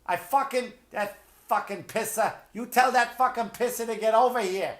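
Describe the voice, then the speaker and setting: A man voicing an angry South Boston mother yelling at her children, with a Boston accent and a shrill, cursing manner. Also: normal speed, natural voice.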